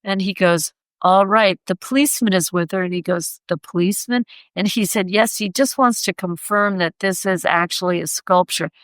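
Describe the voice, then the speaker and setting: Lively woman sculptor telling a story. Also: normal speed, few pauses, smooth, no echo. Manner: animated, acts out quoted voices in a raised pitch. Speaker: sculptor, podcast guest. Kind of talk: anecdotal storytelling in conversation.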